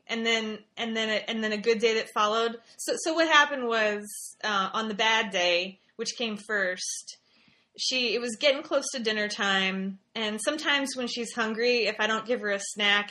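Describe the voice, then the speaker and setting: A woman's voice: a little high, a little slow, sharp tone. A woman, a mother, casually and emotionally telling a story as a guest, often restarting and repeating her words.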